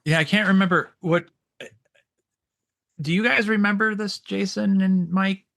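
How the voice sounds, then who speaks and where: A man in his forties hosting a veterans' interview, halting and searching for words as he asks questions. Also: high voice, fairly even intonation, vocal fry, fairly bright tone, dry recording. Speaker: podcast host, veteran. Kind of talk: casual interview.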